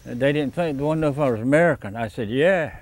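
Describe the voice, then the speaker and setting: A man's voice: mid-range voice, fast talker, darkish tone. A man with a telling a wry anecdote in an interview. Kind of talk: casual interview.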